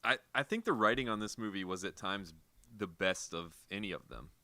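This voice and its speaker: A man with a lowish voice that still comes across bright and forceful, teasing his co-hosts dryly on a movie podcast. He is recorded close and dry, with no room sound. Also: animated, brisk, no echo. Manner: dry teasing, easy laughter. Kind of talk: casual chat.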